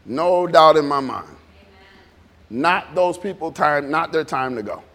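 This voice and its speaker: A man preaching an informal, conversational sermon, animated and repetitive, drawing responses from the congregation. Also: a little high, unhurried. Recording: long reverb in a church hall.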